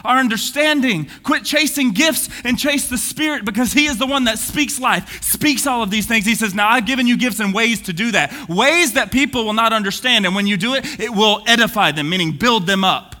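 Guy preaching, really high bright voice, gets loud then goes quiet, big hall echo. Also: brisk, hardly any pauses. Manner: excitable, swings from booming to hushed. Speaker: pastor. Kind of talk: energetic sermon. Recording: long reverb of a church hall.

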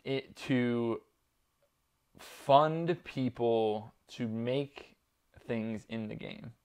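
A man's voice: mid-range voice, extremely slow, a little mellow, clear, resonant tone. A man co-hosting a casual podcast chat, rambling with lots of fillers, laughter and swearing. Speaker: podcast co-host.

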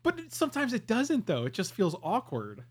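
A man co-hosting a podcast in casual chat, animated and emphatic. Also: high voice, normal speed, husky. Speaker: podcast co-host.

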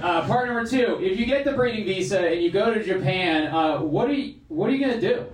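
A man's voice: sits high, lively intonation, a little fast, roomy sound, distant mic, rough recording. A man hosting, asking a guest casual questions with many hesitant fillers. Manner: hesitant, lots of "uh".

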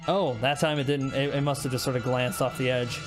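A game master narrating a tabletop role-playing game in a relaxed way, with many fillers. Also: medium pitch, fairly quick, loud music behind the voice.

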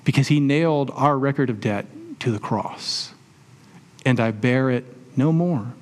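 A male pastor delivering a sermon in a relaxed, conversational way. He asks the congregation questions and uses homely examples, with his voice sitting at an ordinary middle pitch. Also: measured pace. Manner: conversational preaching with rhetorical questions and everyday examples.

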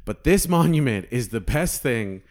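A man's voice: mid-range voice, expressive, normal speed, darkish tone. A young man telling a rambling history story in casual chat, swearing freely.

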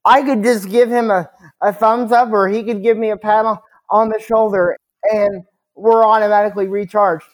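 Earnest man speaking in a measured way. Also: high-pitched, steady tone. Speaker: guest, motivational speaker. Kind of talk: podcast interview conversation.

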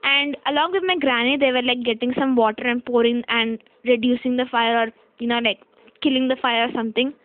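High-voiced woman. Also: fairly even intonation, brisk, dry recording. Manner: chatty, rambling, self-correcting, frequent "okay?" asides. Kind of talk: casual storytelling. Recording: dry, tinny phone-like sound.

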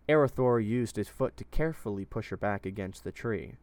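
Low-voiced man reading a fantasy story. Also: a little fast, dry recording. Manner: steady, plain narration.

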